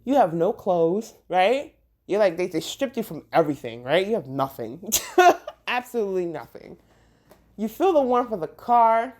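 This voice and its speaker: A woman hosting a podcast, telling a comic story in an animated, profane, conversational way. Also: medium pitch, moderate pace. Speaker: podcast host.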